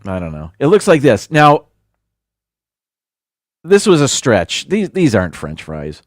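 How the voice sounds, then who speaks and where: Male streamer, casual and animated, reads a list with offhand jokes; dry close mic. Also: mid-range voice, unhurried, no echo. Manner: chatty, self-deprecating, stumbles over foreign words. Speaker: livestream host. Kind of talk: casual livestream chat, reading a list aloud.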